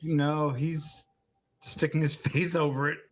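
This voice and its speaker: A man with a slightly high, husky voice makes short, wry jokes while watching a film with friends. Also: flat delivery, slow. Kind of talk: casual watch-along banter.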